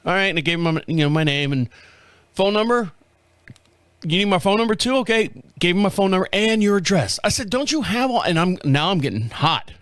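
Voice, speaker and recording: A middle-aged man hosting his own show, telling a story in a casual, profane, animated way and laughing at himself. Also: high-pitched, fairly quick, no echo. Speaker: podcast host. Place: home studio.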